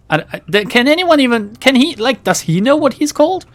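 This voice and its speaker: Brief: streamer, rambly and giggly, lively swinging pitch. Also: a little fast, hardly any pauses. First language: German. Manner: rambling, laughing, tangential. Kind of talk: casual let's play chat.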